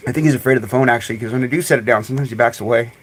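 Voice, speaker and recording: A man hosting a casual live stream outdoors among his birds, chatting away and calling to them in high coaxing tones, recorded on a phone. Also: very fast, noisy background. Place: outdoors in a bird yard on a sunny day. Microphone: phone camera.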